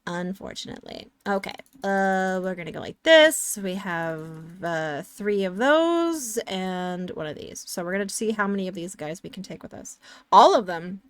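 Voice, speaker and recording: A woman's voice: medium pitch, lively intonation, normal speed, few pauses, smooth, no room sound. A woman streamer chatting casually while playing a game, rambling and sarcastic as she answers chat.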